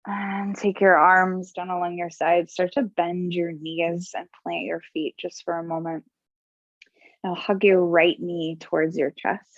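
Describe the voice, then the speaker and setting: A woman yoga instructor talks students through poses and breathing in a calm, unhurried way. Her voice sits a little low and her pacing is very slow and soothing. The recording is close and dry, with a slightly muffled tone. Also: no echo. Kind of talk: guided yoga class instruction.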